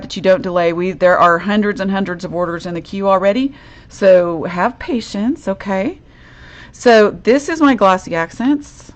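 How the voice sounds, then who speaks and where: Chatty woman demonstrating a craft project. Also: mid-range voice. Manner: chatty, upbeat, talks viewers through each step. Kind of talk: live crafting demo.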